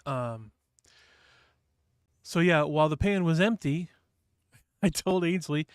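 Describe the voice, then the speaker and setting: A man's voice: a little high, animated, slow pace, long pauses, clean tone, dry recording, clean studio sound. A man from New Hampshire hosting a casual livestream chat, rambling and reading viewers' messages aloud. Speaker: livestream host.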